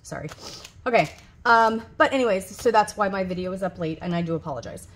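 A woman's voice: medium pitch, brisk, a little hiss or hum. A woman in her forties chatting casually to her vlog audience, rambling with lots of ums and restarts, and gushing over gifts. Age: 40s. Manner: gushes loudly over gifts. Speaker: budgeting vlogger.

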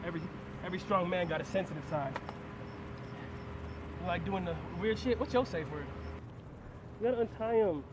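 High-voiced wisecracking man outdoors. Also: normal speed, pauses often. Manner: playful, wisecracking, rambling. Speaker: man being arrested. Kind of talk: joking banter during an arrest. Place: outdoor car park. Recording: noisy outdoor street recording with traffic.

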